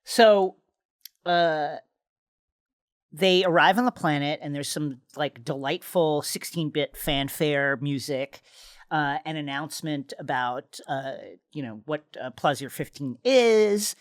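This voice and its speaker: A man's voice: fairly high pitch, takes it slowly, clean tone, no room sound. Guy on a podcast going over an episode, laid back, lots of uhs, dry close mic. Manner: relaxed and chatty, with frequent "uh" and "you know". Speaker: podcast co-host. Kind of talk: casual recap of a TV episode.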